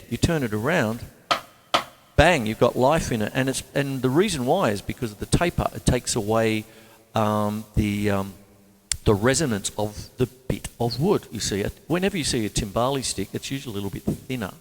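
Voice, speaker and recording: A man's voice: medium pitch, expressive, normal speed, long reverb tail. A man giving a casual drum lesson, chatting and scatting the beats aloud. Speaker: drum teacher. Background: drum kit playing.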